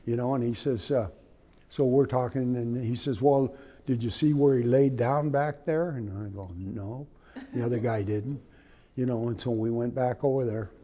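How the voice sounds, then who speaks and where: A man casually telling a hunting story, rambling and halting with many restarts, indoors in a room with his trophy rug on the wall. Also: mid-range voice, steady tone, warm tone.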